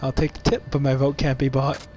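A man's voice: medium pitch, level tone, fairly quick, a little mellow, soft background music. A young man streaming a game, reading its dialogue aloud playfully and commenting between lines with laughs.

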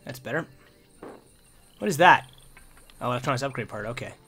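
A man commentating a life-sim game, getting exasperated and shouting insults at the characters. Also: mid-range voice, animated, brisk. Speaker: gameplay commentator. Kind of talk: let's play commentary.

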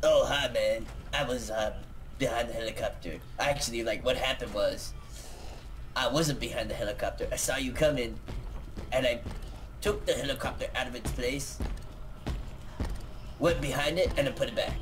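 A man's voice: medium pitch, moderate pace, a little hiss or hum. A man hosting a let's play, rambling goofy jokes and giggling often.

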